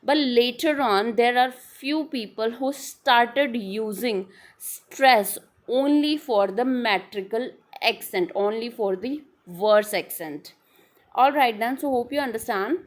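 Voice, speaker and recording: A woman explaining a literary term in an online lesson, hesitant, with many fillers and restarts. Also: fairly high pitch. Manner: repeats "all right then". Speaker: teacher.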